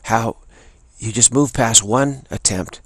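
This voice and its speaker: A man giving an earnest spiritual teaching talk, repeating phrases and softly chanting a mantra. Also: medium pitch, slow pace, creaky, no echo.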